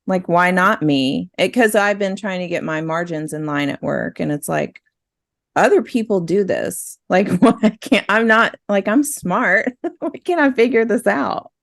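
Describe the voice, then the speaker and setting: Woman guest, middle-aged, low-pitched, rambling and emotional, dry mic. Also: measured pace, vocal fry, a bit bright, dry recording. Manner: rambling, emotional, laughs often. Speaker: guest, store owner. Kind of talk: casual conversation.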